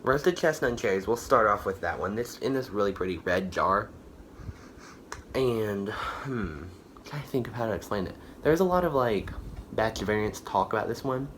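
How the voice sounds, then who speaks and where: Speaking at a moderate pace in a fairly low, slightly bright voice with lively intonation, a man casually reviews a candle haul. He meanders with many fillers and self-corrections, sounding a bit worn out and winded, with slight noise in the background.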